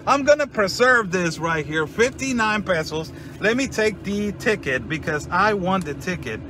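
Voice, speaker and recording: A man in a sarcastic vlog monologue, mocking and loudly mock-excited. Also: fairly high pitch, noisy background. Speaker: vlogger.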